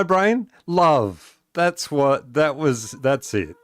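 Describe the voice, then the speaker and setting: Man, slow unhurried talk, dry close sound, rambling with fillers, frequent chuckles, casual gaming stream. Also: fairly high pitch, big pitch swings, no room sound. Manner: rambling, with many fillers and restarts; chuckles often while talking. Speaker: live streamer.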